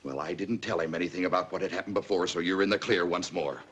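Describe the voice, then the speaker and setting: A man's voice: deep voice, fast talker, muffled recording, slight background noise. An actor playing a stern, worn-out father scolding his daughter in a 1950s TV drama. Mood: angry. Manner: stern, scolding, rising to shouts.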